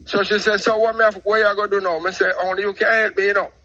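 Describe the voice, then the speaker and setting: A middle-aged Jamaican man telling a long personal story in patois, animated and talkative, calling in to a show. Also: high-pitched, quick pace, highs cut off. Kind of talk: casual storytelling on a call-in show.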